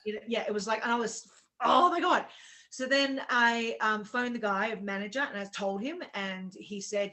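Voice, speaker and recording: Woman co-host, casual chat, emotional storyteller who acts out quotes; bright, forceful tone. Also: medium pitch, fairly quick.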